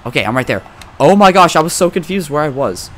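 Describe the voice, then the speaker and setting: A young man giving casual, profane let's-play commentary, excitable and trash-talking the game as he plays. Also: fairly high pitch, fast talker. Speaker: gaming commentator.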